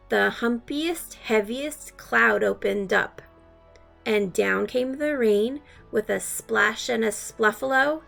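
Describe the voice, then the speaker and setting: A woman reading a rhyming picture book aloud in a slow, rhythmic delivery. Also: a little high, creaky, a bit bright. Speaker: storybook reader.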